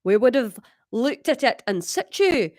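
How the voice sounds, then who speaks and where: A woman voicing a brisk female Scottish police officer in a wobbly, self-conscious put-on Scottish accent. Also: fairly high pitch, big pitch swings, a little mellow, no room sound, studio quality. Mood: explaining. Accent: attempted Scottish.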